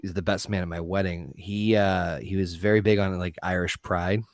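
A man with a lowish voice tells a rambling, profane story between bursts of laughter, sounding stoned. The sound is dry and close to the mic, with almost no room around him. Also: steady tone, normal speed, dry recording. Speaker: podcast co-host. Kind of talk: casual podcast chat.

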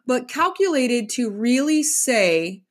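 A middle-aged woman giving a casual spiritual teaching talk, chatty and animated, with playful asides. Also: fairly high pitch, slow pace.

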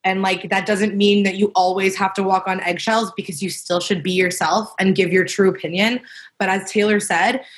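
A woman's voice: mid-range voice, steady tone, normal speed. A woman co-hosting a casual panel chat, talking frankly and reflectively with many fillers. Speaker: podcast co-host.

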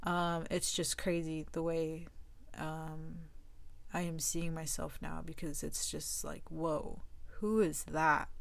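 A woman's voice: deep voice, monotone, slow pace, vocal fry, no echo. Emphatic, swearing young woman, dry sound. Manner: emphatic, casual slangy talk, swears a lot. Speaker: vlogger. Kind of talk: candid personal monologue to camera.

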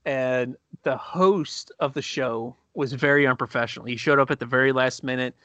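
Bright-voiced comedian podcast host. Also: male voice, mid-range voice, moderate pace, dry recording, lo-fi sound. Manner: storytelling, animated impressions in anecdotes. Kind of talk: casual chat.

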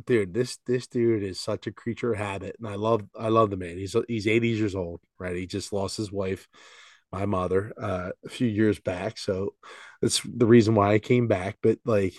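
A man's voice: lowish voice, fairly even intonation, moderate pace, darkish tone, dry recording, studio quality. A man in his forties co-hosting a podcast, chatting casually and peppering his talk with "dude" and "like". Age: 40s. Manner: loose and slangy, peppered with "dude" and "like". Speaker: podcast co-host. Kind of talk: casual chat.

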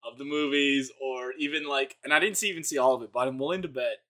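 A man's voice: medium pitch, fast talker, sharp tone. A man co-hosting a podcast in casual chat, making wry, sarcastic comments. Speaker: podcast co-host.

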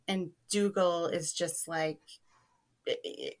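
A woman's voice: on the low side, slow pace. A woman co-hosting a podcast, chatting casually and thoughtfully with frequent fillers and hedges. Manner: thoughtful, hedging with many fillers. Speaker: podcast co-host. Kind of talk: casual fan discussion.

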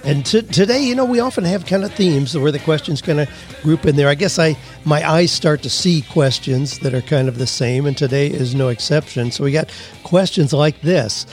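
A man's voice: fairly high pitch, moderate pace, a little mellow, no echo, studio quality, faint music behind. A man hosting a career podcast, talking conversationally with frequent "you know" and "well", playing with how emphasis changes meaning. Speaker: podcast host. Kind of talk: casual podcast talk with emphasis play.

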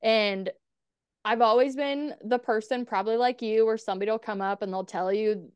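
Female podcast guest, candid storyteller who swears a lot, smooth clear voice on a dry close mic. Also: a little high, steady tone, moderate pace, dry recording. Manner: candid, swears freely, quotes herself and others in dialogue. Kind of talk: casual storytelling interview.

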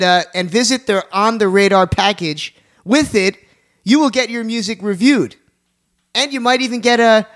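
A man's voice: high-pitched, a bit bright. A man hosting a casual radio talk show, joking around and plugging sponsors. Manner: jokey, plugs sponsors, fast asides.

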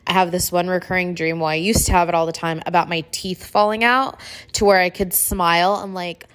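A woman's voice: fairly low pitch, fairly even intonation, brisk, a bit bright. Chatty woman podcast host. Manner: chatty, says "like" a lot, emotional retelling. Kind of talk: casual storytelling chat.

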